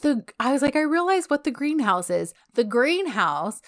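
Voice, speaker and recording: A woman's voice: high voice, moderate pace. A woman in her thirties co-hosting a casual chat, gushing as she retells scenes from a TV show and acts out the characters' lines. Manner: gushing, animated retelling with quoted dialogue. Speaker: podcast co-host.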